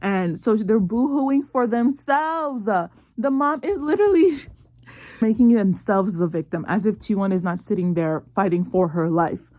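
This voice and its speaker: A woman's voice: medium pitch, animated, unhurried, warm tone, no echo, studio quality. A young woman hosting her own show, animatedly retelling a drama in casual chat with sassy asides. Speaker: host recapping a drama.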